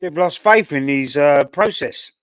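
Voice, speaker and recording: A man with a Cockney accent talks loosely on a live fan stream, thinking aloud with plenty of "uh"s and restarts. His voice sits a little on the high side and sounds close and dry, with a nagging cough that leaves him slightly choked. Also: a little slow, no room sound. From London, England. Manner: rambling and chatty, thinking aloud with frequent fillers. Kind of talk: casual live-stream chat, reading viewer comments.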